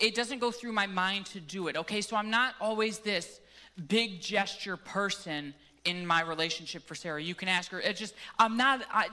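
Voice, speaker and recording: Man preaching, bright forward voice, chatty and self-mocking before the scripture reading. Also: high-pitched. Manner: storytelling, joking, self-deprecating. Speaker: pastor. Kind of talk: sermon. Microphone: handheld or stage microphone.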